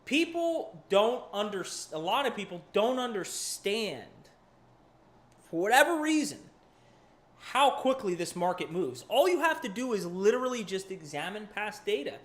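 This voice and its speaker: Very animated yet measured in pace, this man has a high voice. He runs a live crypto chart show as analyst and channel host, delivering casual market commentary full of profanity, restarts, and rambling tangents.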